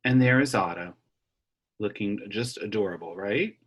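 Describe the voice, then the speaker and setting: A middle-aged man teaching elementary music over a video call, reading a picture book aloud and explaining rhythms slowly and patiently to children. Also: fairly low pitch, a bit bright, husky, lo-fi sound. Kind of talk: online music lesson with read-aloud. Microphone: computer mic on a video call.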